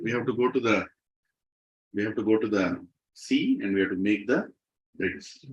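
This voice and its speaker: A man telling devotional stories to a group, animated and asking the audience questions. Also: medium pitch. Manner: lively, animated storytelling, asks audience questions. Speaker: devotional speaker. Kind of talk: devotional storytelling talk. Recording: slightly muffled recording.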